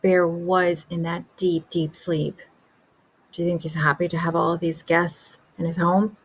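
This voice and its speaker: Slow-talking kindergarten teacher, woman. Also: on the low side, level tone, slightly rough. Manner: gentle questioning to young children. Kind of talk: teaching a class remotely.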